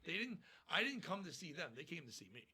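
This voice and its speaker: A man's voice: fairly high pitch, very animated, fast talker, pushed and bright. A man, a stand-up comedian, talking bluntly and profanely in a casual podcast interview.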